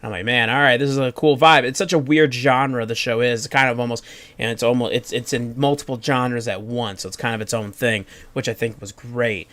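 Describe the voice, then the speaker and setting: A man hosting a podcast in casual review chat, excitable and profane, acting out his own reactions. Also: mid-range voice, brisk, dry recording. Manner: excitable, profane, animated retellings. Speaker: podcast host.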